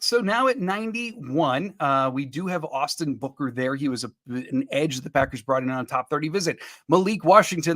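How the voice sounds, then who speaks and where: A man's voice: on the high side, a bit bright, dry recording, clean studio sound. A man hosting a live-streamed sports podcast, running through picks and reading viewer comments in an upbeat, chatty way. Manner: upbeat, quick asides to viewers, chuckling. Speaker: podcast host.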